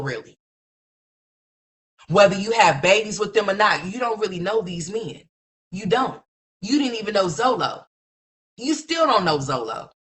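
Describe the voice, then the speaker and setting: On a livestream, a woman with a mid-range voice rants through gossip commentary. She is blunt, mocking, and profane, peppering her talk with rhetorical questions.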